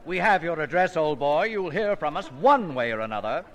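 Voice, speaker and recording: An actor playing a pompous, fussy film director with an affected, theatrical drawl, in 1940s radio acting. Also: male voice, fairly high pitch, lively intonation, normal speed, a bit bright, a little hiss or hum. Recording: old radio broadcast, hall reverb.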